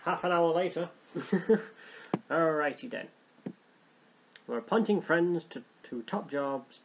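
A man's voice: on the high side, takes it slowly, long pauses, dull audio, a little hiss or hum. A young man hosting a let's play, joking and rambling as he reads game text aloud. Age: young adult. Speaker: gaming channel host.

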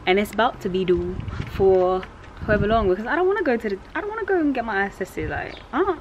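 A woman's voice: medium pitch, animated, quick pace, highs cut off, noisy background. Chatty London woman vlogging outdoors. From London, England. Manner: chatty, slangy, laughs often. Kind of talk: casual vlog chat. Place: outdoors on a city street.

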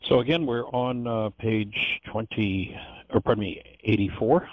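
A man's voice: lowish voice, unhurried, no room sound, narrow, tinny audio. A man teaching an informal course lecture, earnest and digressive, often restarting his sentences.

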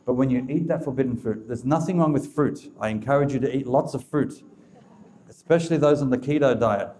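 A man's voice: mid-range voice, darkish tone. A man giving a preaching talk to a live audience, emphatic and repetitive, addressing listeners directly. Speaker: speaker of a religious talk.

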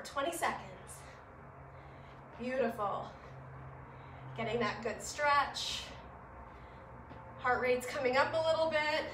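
A woman fitness instructor guiding a gentle home workout, upbeat and encouraging, a little winded, recorded in her living room. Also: high-pitched, background noise. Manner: upbeat, encouraging, laughs at herself. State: slightly winded. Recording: echoey room, mic at a distance.

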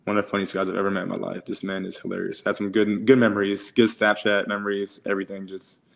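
A man's voice: low-pitched, monotone, fast talker, gravelly, a bit bright. A young man in his twenties, co-hosting a podcast and telling stories in slangy, profane casual chat full of "like"s. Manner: slangy, profane storytelling with many "like"s. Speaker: podcast co-host.

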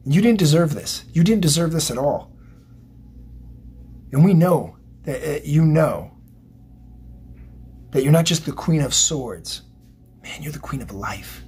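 Husky man, fairly high voice, psychic tarot reading, emotional, motivational, repetitive. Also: animated, unhurried, long pauses, a little mellow. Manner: emotional, motivational, rambling with repeats. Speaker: tarot reader.

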